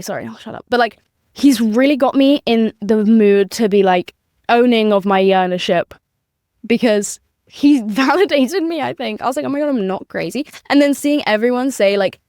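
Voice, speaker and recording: A woman in her twenties speaks on her podcast in a loose, confessional ramble. She keeps circling back to emphatic asides with casual swearing. Her voice sits at an ordinary pitch in a dry, close recording. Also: no room sound. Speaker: podcast host.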